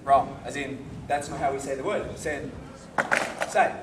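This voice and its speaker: A karate instructor teaching a class, drilling the students with call-and-response and calling out counts with energy. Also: male voice, mid-range voice, little pitch movement, normal speed. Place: large training hall. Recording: echoey hall from far off, noisy.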